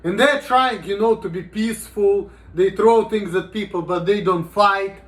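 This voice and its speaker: A man's voice: high-pitched, a little slow. A man talking casually in a rambling, profane vlog monologue, with "you know" in almost every sentence. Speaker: vlogger.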